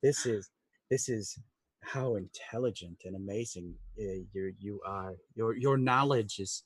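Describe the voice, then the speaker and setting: A man voicing a veiled female fortune teller who reads palms in a gentle, halting way. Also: on the low side, husky, no room sound, rough recording. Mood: flattering. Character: female palm-reading fortune teller with a veil.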